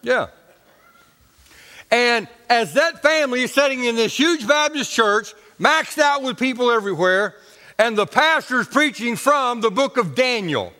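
A male preacher tells stories from the pulpit in a folksy, joking way, his grammar loose and casual. His voice sits fairly high for a man. It rings out with the long reverb of a large church sanctuary. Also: lively intonation, a little slow, sharp tone. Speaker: pastor. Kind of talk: storytelling sermon.

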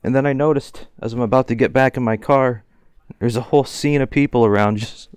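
A man's voice: mid-range voice, fairly even intonation, fairly quick, darkish tone, clean tone, no room sound. A man in his forties telling a story straight to the camera in a loose, ranting way. He laughs through it and swears casually. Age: 40s. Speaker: vlogger.

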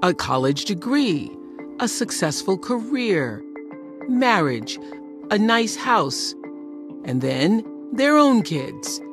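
A man hosting a podcast, reading a scripted introduction in a measured, announcer-like way. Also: high voice, big pitch swings. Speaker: podcast host. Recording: voice over loud background music.

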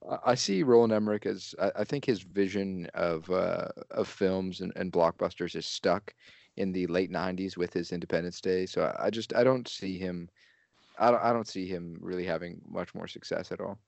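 A man co-hosting a podcast in casual chat, talking in a halting way as he searches for words. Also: low-pitched, vocal fry, darkish tone, no echo. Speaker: podcast co-host.

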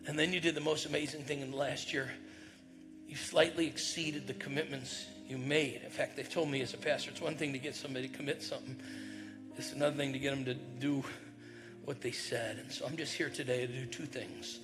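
A middle-aged man preaching a conversational sermon, telling a personal story and acting out the voices in it, with loud bursts now and then. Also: medium pitch, steady tone, fairly quick, music in the background. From northern New York. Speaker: pastor.

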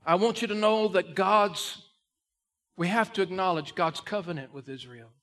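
High, bright-voiced preacher. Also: male voice, moderate pace. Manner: folksy preaching, rising to loud emphatic climaxes. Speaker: pastor. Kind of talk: sermon.

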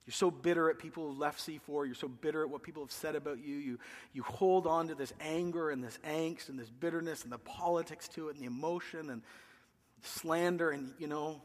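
A man's voice: on the high side, brisk, big-room sound. A man, a pastor, earnestly telling a personal story in a sermon, his voice rising when he quotes himself. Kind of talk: sermon testimony.

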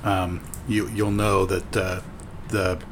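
Low-voiced man hosting a casual chat. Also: little pitch movement, takes it slowly, slight background noise. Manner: rambling, with many fillers and restarts. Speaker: podcast host.

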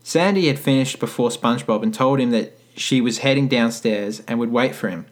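A man casually reading a story aloud, breaking off for wry, deadpan comments. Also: medium pitch, brisk. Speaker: podcast co-host reading fan fiction.

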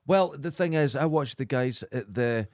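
A man co-hosting a podcast, telling sweary anecdotes in a casual, animated way. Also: medium pitch, normal speed, no echo, clean studio sound. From Scotland. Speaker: podcast co-host. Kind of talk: casual chat, storytelling.

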